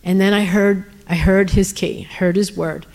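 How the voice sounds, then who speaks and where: A woman's voice: mid-range voice, steady tone, a little slow, gravelly, darkish tone. A woman telling a faith testimony as a missionary speaker, earnest and emotional, with frequent fillers. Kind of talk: testimony storytelling.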